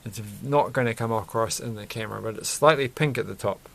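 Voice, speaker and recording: A man's voice: fairly low pitch, brisk, creaky, a bit bright. A man chatting casually and rambling while he builds a toy set, chuckling often and breaking off mid-sentence. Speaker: vlogger building Lego sets.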